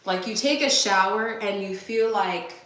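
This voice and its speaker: Cleaning the bathroom at home, a young Californian vlogger chats and rambles, replying out loud to questions from viewers. The mic sits far off, so her medium-pitched, fairly bright voice comes through with roomy echo, her pace measured.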